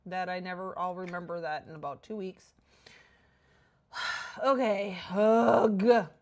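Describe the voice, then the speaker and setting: A woman chatting casually with her viewers while playing a game, excitable and talking to herself as she goes. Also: lowish voice, unhurried. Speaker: game streamer.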